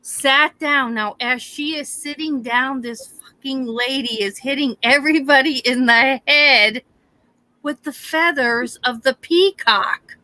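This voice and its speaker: A woman hosting a live stream, chatting casually and telling a story in an animated way, with frequent swearing. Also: high voice, takes it slowly, no room sound. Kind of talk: casual chat.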